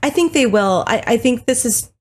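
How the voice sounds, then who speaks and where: A woman's voice: on the high side, lively intonation, moderate pace, a little mellow, breathy edge. A woman co-hosting a podcast, chatting casually, retelling scenes and laughing easily. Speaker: podcast co-host. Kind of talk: casual chat.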